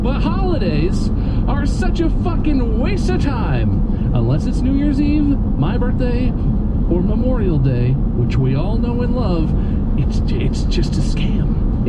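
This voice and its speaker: Man in a sarcastic, profane comic rant. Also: sits high. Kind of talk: improvised comedic rant. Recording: noisy outdoor street recording.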